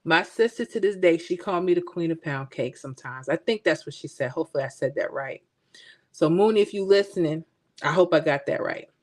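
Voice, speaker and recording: A middle-aged woman from Florida hosting a livestream, telling stories in a chatty way and talking to viewers by name. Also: on the low side. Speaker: livestream host. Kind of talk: casual livestream chat.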